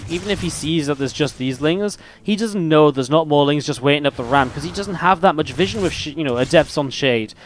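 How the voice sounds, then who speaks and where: A man's voice: fairly high pitch, slight background noise. A man casting a video game match solo, chatting with his stream chat in a rambling, laid-back way between play-by-play calls. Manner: rambling, chatty, laughs at own stories. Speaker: esports caster and streamer.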